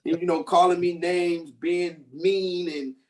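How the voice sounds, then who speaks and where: A man's voice: high voice, takes it slowly, background noise. A man in his thirties, a rapper guesting on a radio show, telling stories casually and acting out quotes. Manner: animated storyteller, acts out quotes. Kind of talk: casual radio interview chat. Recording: distant from the mic.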